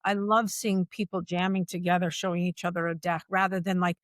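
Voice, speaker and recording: A woman speaking as a podcast guest about workplace culture, talking in an animated, emphatic way and repeating phrases for stress. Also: lowish voice, a little fast, no room sound, clean studio sound. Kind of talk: conversational podcast interview.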